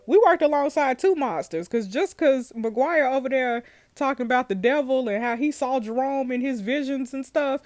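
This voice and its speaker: A woman playing a story game and reacting out loud to viewers, loud and animated, laughing often. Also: high-pitched, moderate pace, no room sound, clean studio sound. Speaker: gaming video host.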